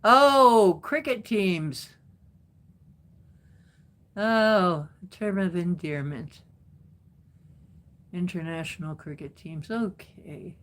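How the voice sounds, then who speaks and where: A woman hosting a casual live stream, chatting with viewers and answering their comments in an unhurried way with frequent laughs. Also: on the low side, fairly bright tone.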